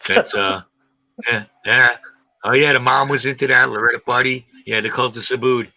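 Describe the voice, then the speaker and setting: A man in his forties hosting a live stream, chatting in a rambling, animated way and swearing casually. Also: mid-range voice, moderate pace, dry recording. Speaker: livestream host. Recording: dull lo-fi stream audio.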